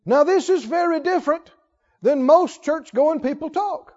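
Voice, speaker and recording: High-voiced man preaching in a reverberant hall. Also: moderate pace, darkish tone. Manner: asks the congregation rhetorical questions, emphatic repetition. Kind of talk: sermon. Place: church sanctuary. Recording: dull sound with long church reverb.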